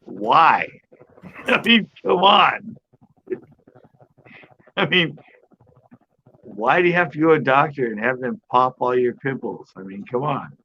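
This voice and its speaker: Bright-voiced chatty man, laughing often. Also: medium pitch, a little slow, pauses often, highs cut off, slight background noise. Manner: chatty, laughs often, animated storyteller, swears. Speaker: channel host. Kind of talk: casual chat.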